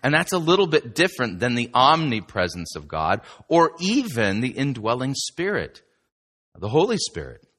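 Lively, bright-voiced male pastor. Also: mid-range voice, normal speed. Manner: chatty and emphatic, with asides to the listener. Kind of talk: conversational sermon teaching.

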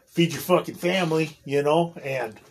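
A man's voice: fairly high pitch, moderate pace, slight background noise. A man in his forties, a union electrician, telling a rambling work story in casual chat, swearing constantly.

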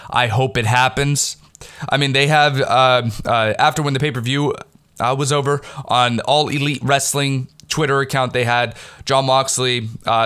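A man excitedly recapping a wrestling event in a rambling, casual way, swearing freely, recorded on a headset mic at home. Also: mid-range voice, clean tone. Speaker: wrestling fan recapping a pay-per-view. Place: home recording in the Pittsburgh area. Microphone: headset mic with headphones.

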